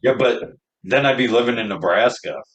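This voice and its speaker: A man co-hosting a casual, boozy podcast, laid-back and agreeable, dropping deadpan quips. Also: mid-range voice, normal speed, dull audio, a little hiss or hum. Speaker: podcast co-host. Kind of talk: casual drunk banter.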